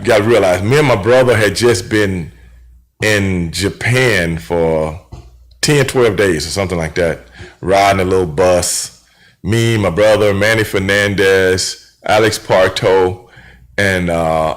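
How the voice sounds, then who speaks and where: A middle-aged man hosting a radio show, telling stories from the road in a casual, animated way and acting out the dialogue. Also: sits low. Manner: animated storyteller, acts out quoted dialogue, frequent "you know what I'm saying".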